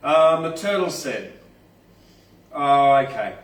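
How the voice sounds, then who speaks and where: A man reading his poems and chatting at an open mic in a restaurant, unhurried, with lots of ums and easy laughs. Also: mid-range voice, fairly bright tone. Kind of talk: poetry reading and chat. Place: restaurant indoors. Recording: roomy distant mic, faint noise.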